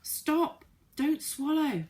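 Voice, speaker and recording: A woman voicing an excitable male elf who shouts shrill, frantic warnings in a storybook reading. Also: very slow, heavily acted. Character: excitable male Faraway Tree elf, panicky.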